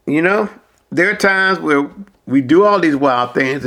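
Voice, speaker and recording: A man's voice: fairly high pitch, animated, unhurried, pushed and bright. A man preaching a sermon, reading scripture and then walking through numbered points with folksy personal asides.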